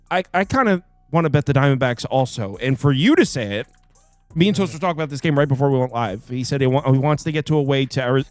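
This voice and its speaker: Higher-voiced man hosting a betting show. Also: smooth, dry recording. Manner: rambling, self-correcting, joking. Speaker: sports betting show host. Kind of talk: casual live-stream betting talk.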